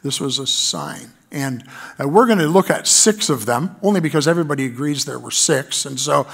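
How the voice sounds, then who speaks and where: A man's voice: mid-range voice, expressive, normal speed, gravelly, fairly bright tone, slightly rough. A man preaching a sermon in church, reading scripture aloud and building emphasis on key lines. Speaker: pastor.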